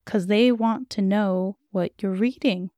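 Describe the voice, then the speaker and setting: A woman voicing a blunt, suspicious, outspoken middle-aged neighbor who talks in a sharp, preachy way. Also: mid-range voice, measured pace, no echo, studio quality, close to an everyday voice.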